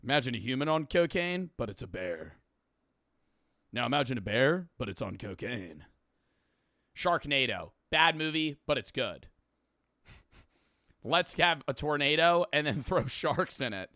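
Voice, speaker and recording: A young man hosting a video, giving casual, animated reaction commentary. He swears and laughs as he talks. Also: mid-range voice, a little slow, long pauses, no room sound, clean studio sound. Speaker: YouTube host.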